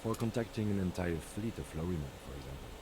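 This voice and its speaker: An actor playing a calm, precise male police lieutenant, speaking in a measured, dry and formal way in a video game. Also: sits low. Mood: composed. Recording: game audio with clear background noise.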